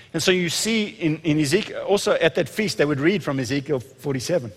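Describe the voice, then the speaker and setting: A man preaching a sermon in an animated way, with frequent restarts and sudden bursts of loud emphasis. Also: a little high, brisk, few pauses, husky, big-room sound. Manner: animated, rising to shouts when quoting, frequent restarts.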